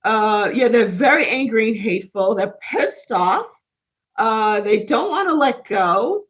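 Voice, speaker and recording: Rambly woman chatting on her spiritual livestream, voice sits a bit high, answers comments as she goes. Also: animated, unhurried, fairly bright tone. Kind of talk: casual live chat with viewers.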